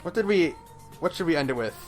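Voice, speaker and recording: A man's voice: a little high, quick pace. Laid-back man podcast co-host. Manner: relaxed, filler-heavy, swears casually. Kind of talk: casual gaming chat. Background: faint background music.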